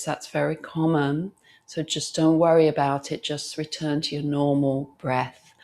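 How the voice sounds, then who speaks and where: A woman teacher guiding a yoga class, talking gently and soothingly and counting breaths aloud. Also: low voice. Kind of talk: guided yoga class instruction.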